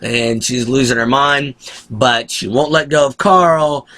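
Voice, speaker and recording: Male vlogger, casual reviewer, rambling and excitable, average pitch. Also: measured pace. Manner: excitable, rambling retelling of scenes. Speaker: show reviewer.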